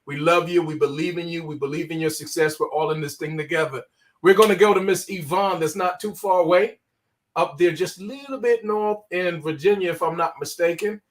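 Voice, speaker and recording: A man's voice: on the high side, fairly quick. Encouraging man hosting a call. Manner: encouraging, interjects short affirmations. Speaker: host of a group call. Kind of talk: affirming call host. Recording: distant mic with faint noise.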